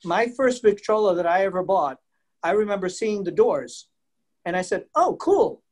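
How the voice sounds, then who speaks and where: A man presenting a virtual museum program over a video call, jokey and animated, laughing often and talking directly to the children watching. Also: high-pitched, normal speed. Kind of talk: interactive virtual presentation for families.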